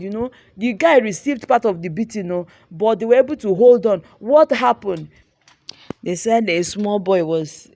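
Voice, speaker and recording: A woman's voice: medium pitch, darkish tone, no room sound. A young Nigerian woman, a fashion designer and vlogger, animatedly retelling a dramatic story with lots of repetition. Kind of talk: storytelling vlog.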